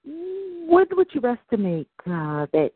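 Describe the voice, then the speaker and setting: A woman hosting a call-in show and interviewing a guest, speaking in a measured, formal way with frequent fillers. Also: a little high, wildly swooping pitch, husky. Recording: tinny phone line.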